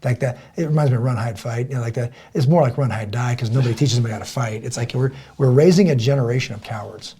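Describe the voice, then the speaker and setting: A man's voice: mid-range voice, fast talker, hardly any pauses, husky. A man co-hosting a casual podcast, telling stories animatedly and acting out quoted dialogue. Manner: animated storyteller, acts out quoted dialogue loudly. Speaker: podcast co-host.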